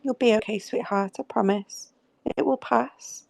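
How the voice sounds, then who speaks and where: A woman with a gravelly, fry-edged voice, calming someone down in a casual chat. She speaks in a soothing, reassuring way and swears freely. The sound is close and dry. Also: fairly high pitch, unhurried, dry recording. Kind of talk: casual live group chat.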